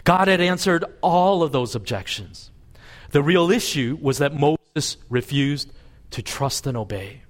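Man, pastor, sermon, raised pitch, lively swinging intonation, storytelling. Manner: animated storytelling, voicing God and Moses with lively pitch swings. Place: church service.

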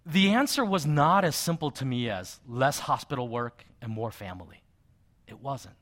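A middle-aged male pastor preaching a sermon, telling a personal story in a conversational way with soft asides. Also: mid-range voice, animated, normal speed.

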